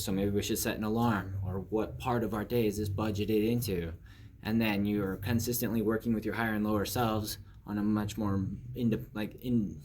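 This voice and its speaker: A man's voice: on the low side, darkish tone, slight background noise. A young man giving a loose, casual spiritual talk full of fillers, acting out little inner dialogues. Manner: loose, filler-heavy, acts out inner voices. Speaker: spiritual channel host.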